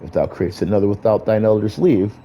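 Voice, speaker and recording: A man doing a deep, hushed vampire sheriff. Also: muffled recording, a little hiss or hum, close to an everyday voice. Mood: solemn. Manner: soft-spoken, measured, courtly. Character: calm, formal vampire sheriff, adult man. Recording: faint music behind.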